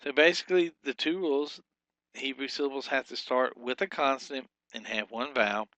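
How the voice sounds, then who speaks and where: A man teaching a recorded lesson, explaining patiently with fillers and slowly drawn-out example sounds. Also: mid-range voice, bright, forceful tone, no room sound.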